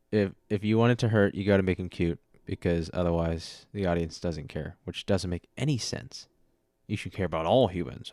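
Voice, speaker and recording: A man's voice: deep voice, a little mellow, dry recording, clean studio sound. A sleepy man hosting his own podcast, rambling casually about writing a script, yawning and laughing at his own jokes. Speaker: podcast host. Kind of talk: casual solo podcast talk. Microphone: studio mic with audio interface.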